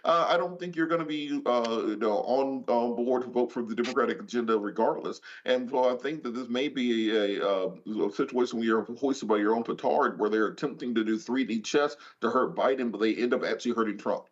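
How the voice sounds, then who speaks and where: A male guest commentator lays out his political analysis in a measured, analytical way, often pausing on fillers. The sound is slightly muffled, as if coming over a remote link. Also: mid-range voice.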